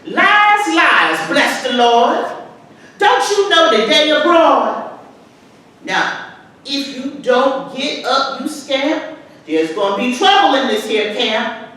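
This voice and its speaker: A woman reciting a dialect poem, playing a stern older woman scolding a sleepy boy awake in a loud, sing-song voice. She is recorded from far off in an echoey hall at a live event, with faint noise behind. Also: high voice, expressive, takes it slowly, pitched above the performer's own voice, exaggerated voice. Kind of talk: dramatic poetry recitation. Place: arts venue, live discussion.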